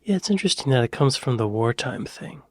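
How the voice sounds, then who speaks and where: An American man reacting to a video, musing out loud with hesitant, chuckling asides. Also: medium pitch, animated, quick pace, dry recording, clean studio sound. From United States. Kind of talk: casual reaction commentary.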